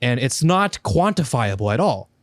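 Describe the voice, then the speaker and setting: A man's voice: mid-range voice, very animated, moderate pace, no room sound. A man co-hosting a casual podcast, pressing his point emphatically and cutting in, with some swearing. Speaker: podcast co-host.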